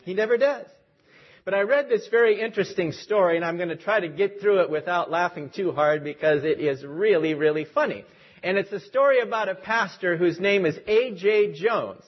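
A man's voice: sits high, normal speed, highs cut off. A man preaching a sermon as pastor, leading a prayer and telling stories in an earnest, lightly humorous way.

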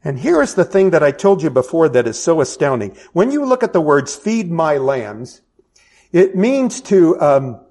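A man's voice: fairly high pitch, big pitch swings, normal speed, a little mellow. A middle-aged man preaching a sermon as pastor, conversational, with self-deprecating asides and frequent restarts.

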